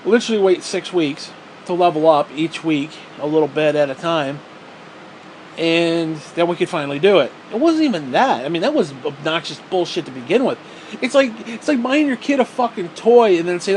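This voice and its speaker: A man's voice: on the high side, lively intonation, moderate pace, a little hiss or hum. A man angrily ranting about a video game in a profane, sarcastic, frustrated way. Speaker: gaming vlogger.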